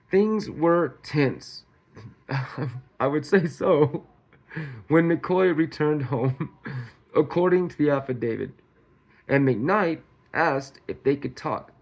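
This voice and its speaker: A man's voice: medium pitch, a little mellow. A man giving casual, rambling true-crime commentary, reading from documents and breaking into sarcastic asides and frequent laughter. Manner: colloquial, says y'all.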